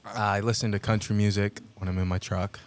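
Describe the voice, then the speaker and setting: A man's voice: lowish voice, flat delivery, a little fast, dry recording. A man from Massachusetts, a guest on a casual podcast, talking in a laid-back joking way. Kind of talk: casual chat.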